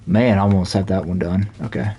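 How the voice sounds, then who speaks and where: Talking a little fast in a low, dark voice with vocal fry, a young Southern US man rambles with plenty of fillers as he plays and streams a game. The audio has its highs cut off and slight background noise.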